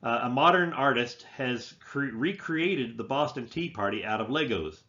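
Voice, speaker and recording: A man's voice: mid-range voice, lively intonation, moderate pace, pushed and bright. A man teaching a history class, talking off the cuff with frequent restarts and fillers. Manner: unscripted, many restarts and "uh" fillers. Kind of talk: recorded history lecture. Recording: slightly dull lo-fi recording.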